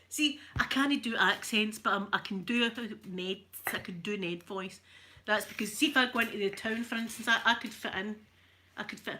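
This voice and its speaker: A woman's voice: mid-range voice, normal speed, pushed and bright. A Scottish woman hosting her channel, telling rambling stories in casual chat and laughing often. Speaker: channel host.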